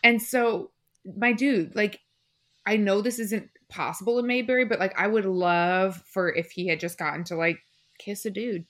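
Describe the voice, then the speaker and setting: Young adult woman, mid-pitched, casual podcast co-host, rambling and full of "like". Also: moderate pace, fairly bright tone. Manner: rambling, heavy use of "like". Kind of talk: casual chat.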